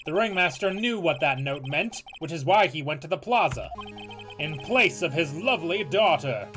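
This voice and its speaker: A man's voice: fairly high pitch, animated, moderate pace, natural voice. A man voicing a confident young male defense attorney in a fan game reading, with a stiff, formal courtroom delivery. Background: game music.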